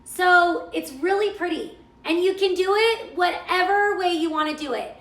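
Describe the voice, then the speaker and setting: A woman's voice: very high voice, normal speed, fairly bright tone, echoey room. A middle-aged woman hosting a live cooking stream, chatting and gushing while she reads viewer comments. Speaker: cooking show host.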